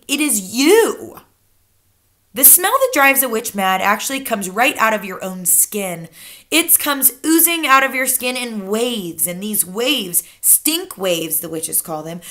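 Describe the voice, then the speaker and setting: A stern, wise old grandmother speaks with calm certainty, read by a woman from a children's book. The voice is bright and fairly high, and it rises and falls a lot as she lays down the facts. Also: exaggerated voice. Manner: firm, matter-of-fact storytelling voice.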